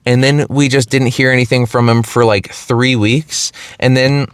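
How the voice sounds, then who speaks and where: A young man telling a rambling comedic story, animated and often laughing, full of "like" and restarts. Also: mid-range voice, normal speed, clear, resonant tone, no room sound, clean studio sound. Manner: heavy use of "like", frequent restarts. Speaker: streamer.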